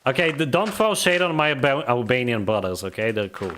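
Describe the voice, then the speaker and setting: A man's voice: medium pitch, fairly quick, fairly bright tone, slight background noise. A man from the Balkans, streaming a game and chatting casually, grumbling and rambling as he laughs at himself.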